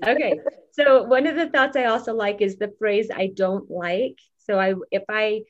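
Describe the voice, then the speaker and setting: A woman's voice: fairly high pitch, normal speed. A woman who coached gymnastics, explaining her ideas in a thoughtful, easygoing way. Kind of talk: casual advice chat. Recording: slightly dull lo-fi sound.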